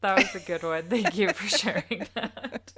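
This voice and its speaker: A woman's voice: medium pitch, measured pace, fairly bright tone, husky. A woman hosting a casual podcast interview, offering short, encouraging reactions before she asks her questions. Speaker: podcast host.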